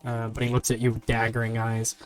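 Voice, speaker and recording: A man's voice: mid-range voice, completely flat delivery, a little fast, clear, resonant tone, no room sound, faint music behind. A man narrating as game master of a tabletop game, describing scenes in a rambling way full of fillers.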